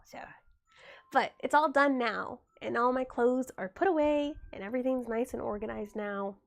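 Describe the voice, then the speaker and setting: A woman's voice: fairly high pitch, gravelly. Chatty young woman getting over a cold. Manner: chatty, reads and answers chat aloud. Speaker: livestreamer. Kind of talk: casual livestream chat.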